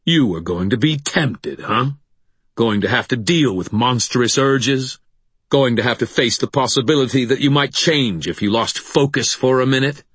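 A brooding vampire brother, as a man voices him in an audiobook. His voice is deep and husky, steady until it turns cutting and sarcastic. The recording is dry and close. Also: takes it slowly, no echo, exaggerated voice. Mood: furious. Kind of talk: audiobook dialogue.

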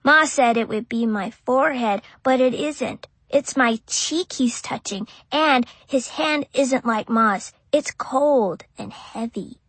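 A woman's voice: a little high, takes it slowly, few pauses, fairly bright tone, slightly rough, no room sound. A woman reading an audiobook in first person as a small child, with simple childlike phrasing. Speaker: audiobook narrator.

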